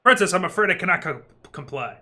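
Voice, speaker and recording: A man's voice: sits high, animated, fast, sharp tone, full character voice. A man voicing a stiff, dutiful knight captain who speaks formally and hesitantly.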